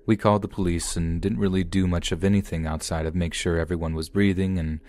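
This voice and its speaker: A man reading an online story aloud in steady, scripted narration. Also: deep voice, fast.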